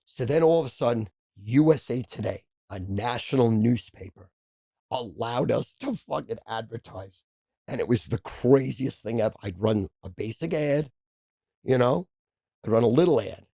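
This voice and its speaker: A gravelly, husky man in his sixties spins rapid-fire, profanity-packed stories as a podcast guest. his voice is low and dark, and it sounds dry and close to the mic. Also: animated, no room sound. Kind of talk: casual storytelling.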